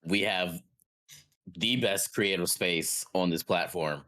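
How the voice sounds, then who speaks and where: A man co-hosting a casual podcast chat, laid-back and measured as he gives his view. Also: low-pitched, bright, forceful tone. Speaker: podcast co-host.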